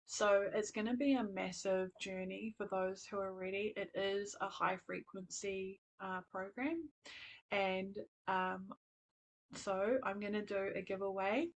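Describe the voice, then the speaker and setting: A woman hosting a live stream as a spiritual coach, talking in a soft, earnest way. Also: mid-range voice, fairly even intonation, a little slow, rough recording. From New Zealand. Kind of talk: live-stream program pitch.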